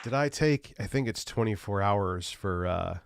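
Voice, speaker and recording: A man's voice: on the low side, expressive, measured pace, vocal fry, over a noisy crowd, very noisy. A man with a stuffy nose from a cold, ranting loosely and profanely while livestreaming. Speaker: streamer. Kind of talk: casual livestream rant.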